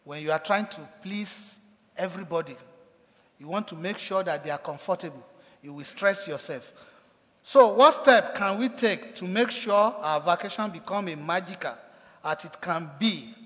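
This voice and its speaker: A man's voice: high voice, moderate pace, a bit bright. A man preaching a sermon as pastor, with emphatic delivery that acts out quoted cries with rising force. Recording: echoey hall.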